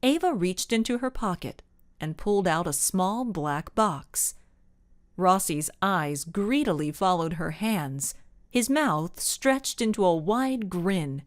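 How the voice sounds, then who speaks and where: A woman narrates a children's mystery story with expressive, storytelling delivery. Her pace is slow and unhurried while her pitch moves lively through each sentence. The recording is dry and close, with no room sound. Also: no room sound. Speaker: audiobook narrator. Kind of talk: scripted narration.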